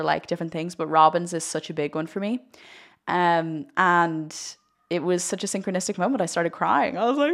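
A young woman hosting a spiritual podcast, chatting casually in a rambling, gushing, excitable way. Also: fairly low pitch. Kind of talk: casual livestream chat.

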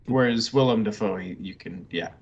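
A man's voice: on the low side, normal speed, lo-fi sound. A man making brief matter-of-fact remarks in a casual podcast chat. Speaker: podcast guest.

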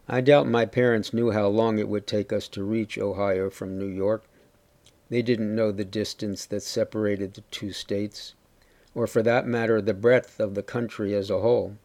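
A man giving a steady, measured first-person story reading. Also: fairly low pitch. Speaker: reader.

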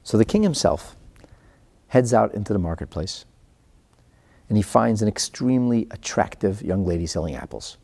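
A male teacher with a low, gravelly voice tells a story in an animated, storytelling way. His pitch rises and falls widely, and the tone is dark and husky. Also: moderate pace, long pauses. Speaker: Torah teacher. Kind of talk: storytelling lecture on religious texts.

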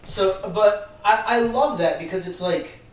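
A man's voice: sits high, unhurried, slight background noise. Man in a roomy room, far from mic. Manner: playful, chiming in with quips and reflections. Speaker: podcast host. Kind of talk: casual conversation. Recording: roomy, distant mic with faint ambience.

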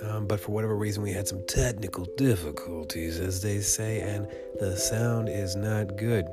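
A man hosting a casual podcast, joking and talking fast with some swearing, on rough amateur audio. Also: fairly low pitch, steady tone, echoey room, over loud music. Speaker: podcast host.

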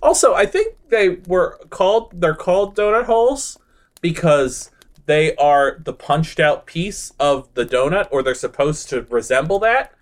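A man's voice: fairly high pitch, expressive, measured pace. A man co-hosting a podcast in casual chat, playful and jokey. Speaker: podcast co-host.

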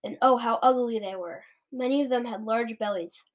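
Woman, children's book read-aloud, expressive, slightly high voice. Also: moderate pace. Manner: expressive storytelling. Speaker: narrator.

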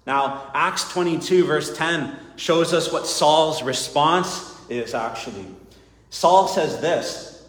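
A man's voice: a little high, slow. A man preaching a sermon in a church, earnest, often asking "right?" and calling his listeners friends. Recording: echoey hall with long reverb.

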